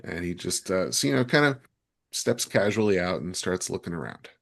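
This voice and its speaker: A man playing a tabletop game, describing his character in a halting way with many fillers. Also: sits low, expressive, vocal fry. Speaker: player.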